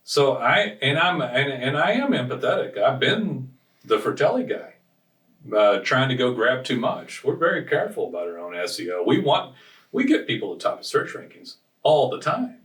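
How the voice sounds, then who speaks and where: A man's voice: medium pitch, big pitch swings, normal speed, fairly bright tone, distant mic. A man co-hosting a business podcast, telling stories in a rambling, casual way with frequent restarts. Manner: rambling storyteller, restarts often. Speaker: podcast co-host. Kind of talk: casual chat. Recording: roomy sound from off-mic.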